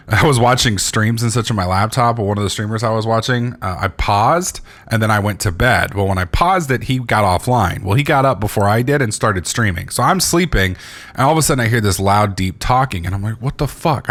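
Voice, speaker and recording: Lowish-voiced guy rambling through a game, sleepy, swears a lot, lots of uh and um. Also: fairly bright tone. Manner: rambling, swears freely, many fillers and restarts. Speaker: gaming channel host. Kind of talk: casual gameplay commentary.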